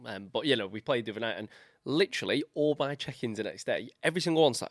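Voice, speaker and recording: A man's voice: medium pitch, expressive, quick pace, no room sound, studio quality. A man hosting a podcast, chatting in an easygoing, agreeable way. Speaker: podcast host. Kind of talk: casual podcast chat.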